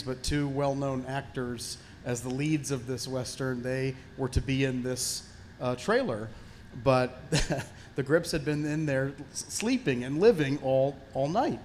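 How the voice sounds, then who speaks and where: A man's voice: mid-range voice, a little hiss or hum. A man on a film panel, telling a casual anecdote from his early days on set and laughing as he goes. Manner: laughs while telling the story.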